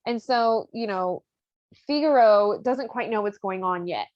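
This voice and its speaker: A woman's voice: mid-range voice, a little slow, a little mellow, dry recording, muffled recording. A woman hosting a podcast, casually retelling an opera plot with loose, profane talk full of "like". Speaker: podcast host.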